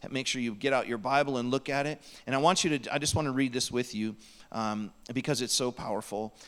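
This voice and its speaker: A man's voice: mid-range voice, fairly bright tone, clear, resonant tone. Earnest male pastor preaching. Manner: earnest, pleading, drops to a near whisper at times. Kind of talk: sermon. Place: church sanctuary.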